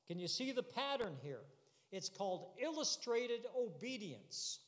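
A man's voice: high voice, very animated, unhurried, a bit bright. A man preaching a sermon, earnest and building to emphatic, repeated declarations. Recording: long reverb of a hall.

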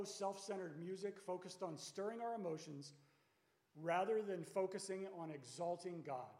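This pastor has a high voice with a slightly mellow quality. He gives his sermon in a chatty, conversational style full of rhetorical questions, and the sanctuary around him echoes with long reverb.

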